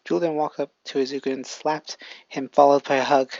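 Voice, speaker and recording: A casual fan storyteller who often trips over words and corrects themself mid-sentence. The voice is gravelly, and the home recording is dull and dry. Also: mid-range voice, steady tone, fairly quick, darkish tone, no room sound. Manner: stumbling, self-correcting.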